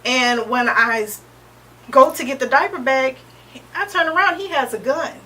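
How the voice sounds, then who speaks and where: A woman in her thirties, an interview guest sharing a personal testimony in a halting, earnest way, often pausing with "um" and restarting. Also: high-pitched, bright, forceful tone. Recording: distant mic with faint background noise.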